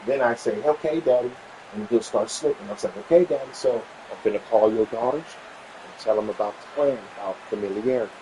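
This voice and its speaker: A man casually telling a personal story, animated and repeating himself as he acts out what was said. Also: fairly quick, slight background noise, rough recording. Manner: animated, acts out quoted dialogue with pitch jumps; repetitive, stumbling restarts. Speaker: vlogger sharing a family update.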